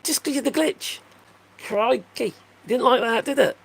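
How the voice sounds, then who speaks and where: A man's voice: very high voice, a little slow, creaky, a bit bright, slightly rough. An older man casually chatting on a livestream, rambling and joking as he answers viewer comments. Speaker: livestream host reading chat. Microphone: phone.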